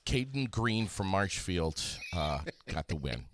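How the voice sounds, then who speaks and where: Lively low-voiced male podcast host. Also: takes it slowly, no echo. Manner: chatty, filler-heavy announcer. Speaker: podcast host reading local news. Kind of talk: casual chat with announcements.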